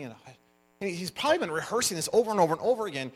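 A man preaching a sermon, telling stories with animated emphasis as the pastor. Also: sits high, very fast, slightly rough. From United States. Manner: animated storyteller, lively emphasis.

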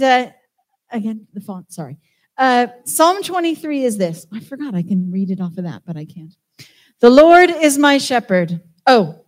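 A woman with a British accent on a church team, giving an informal, chatty sermon with self-deprecating asides. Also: on the high side. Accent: British English. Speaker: church team member preaching.

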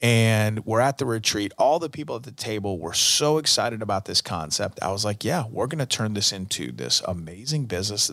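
Earnest low-voiced man telling a story. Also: vocal fry, a bit bright, no room sound, clean studio sound. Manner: casual, earnest, uses many fillers. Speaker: podcast host. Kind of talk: personal storytelling monologue.

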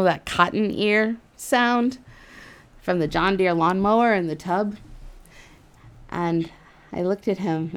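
A woman casually telling a personal story in an animated, giggly way, with lots of "like" and "you know". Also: lowish voice. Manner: animated, giggly, with frequent fillers like "like".

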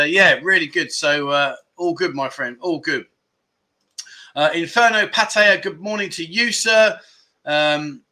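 A man's voice: sits high, bright, forceful tone. A man hosting a casual livestream, chatting and greeting viewers by name as he reads out their comments. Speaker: livestream host. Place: in Pattaya, Thailand.

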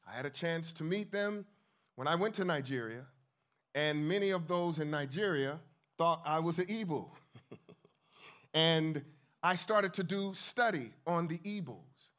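A man in his fifties tells a story to a church gathering. His voice sits fairly high, and he swings between hushed lines and loud, dramatic ones. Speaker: speaker and singer at a church event. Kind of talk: storytelling talk with sung spiritual.

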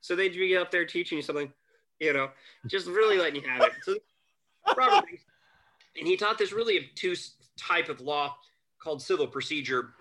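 A man with a very bright, forward voice and a slightly high pitch for a man, telling stories in a relaxed chat. He acts out the people he quotes and chuckles as he goes. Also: brisk. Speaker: podcast guest, family lawyer. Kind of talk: casual storytelling chat.

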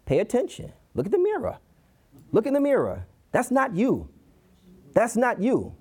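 A man's voice: very high-pitched, huge pitch swings, moderate pace, a little mellow, husky. A man with a Detroit accent preaching a sermon, repeating key phrases and acting out quoted voices. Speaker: pastor.

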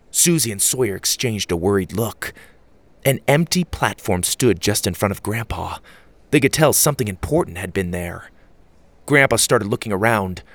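A man reading a children's audio story aloud as narrator, with expressive storytelling. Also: mid-range voice, normal speed, dry recording.

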